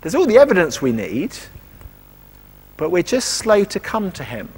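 Guy preaching, chatty, lively up and down pitch, big church echo. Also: normal speed, breathy edge. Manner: conversational, asks rhetorical questions, voices quoted speech. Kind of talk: sermon. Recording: long reverb of a church hall.

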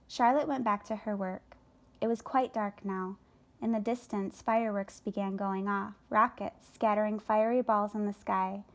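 A woman reading a children's book aloud for a school, calm and even. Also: medium pitch. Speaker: story reader for a school. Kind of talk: read-aloud storytelling.

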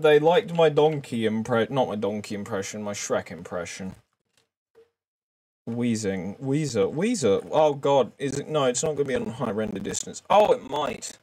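A man's voice: medium pitch, a little mellow. A man chatting casually on a live game stream, rambling and self-mocking, with frequent swearing. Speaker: gaming streamer. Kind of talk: casual live-stream chat while gaming.

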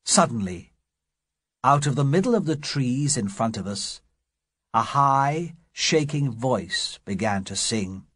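A man reading an adventure story aloud as narrator, slowly and clearly for English learners. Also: mid-range voice, animated, a bit bright, no echo, clean studio sound. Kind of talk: scripted audiobook narration.

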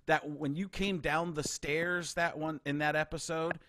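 Brief: excited male podcast host, bright tone, slightly high. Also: a little slow. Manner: enthusiastic fan, laughs often. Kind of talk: casual interview chat.

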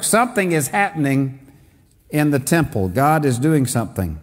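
Man, pastor, fairly high voice, reads scripture then explains it, church hall reverb. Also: sing-song, moderate pace. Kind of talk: Bible study teaching.

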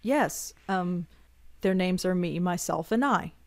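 A woman's voice: lowish voice, takes it slowly, a little mellow, dry recording. Sarcastic young city woman. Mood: wry. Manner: dry and sarcastic. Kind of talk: video game voice acting.

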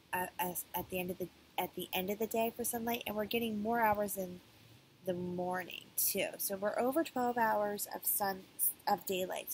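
A woman's voice: mid-range voice, a little hiss or hum, poor audio. A woman teacher reading a children's chapter book aloud to her students, with casual asides, fillers and self-corrections.

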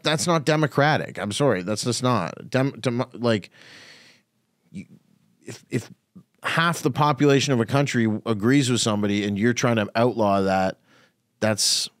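A man's voice: medium pitch, moderate pace, no echo, clean studio sound. A comedian hosting his own podcast, ranting bluntly and profanely in a casual solo talk. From Canada.

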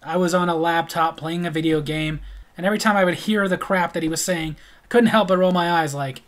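A man's voice: fairly high pitch, brisk. A middle-aged man telling stories in a casual vlog, blunt and sarcastic. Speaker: storyteller.

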